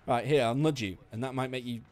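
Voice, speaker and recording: A man streaming a video game, commenting live with swearing, shouting and laughing. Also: medium pitch, fast, dry recording.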